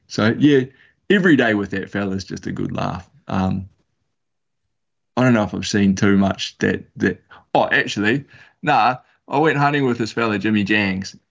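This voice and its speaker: A man's voice: lowish voice, moderate pace, vocal fry, muffled recording. A man with a New Zealand accent telling hunting stories as a podcast guest, rambling and laid-back with lots of slang and fillers. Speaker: podcast guest, bush hunter. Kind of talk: casual storytelling.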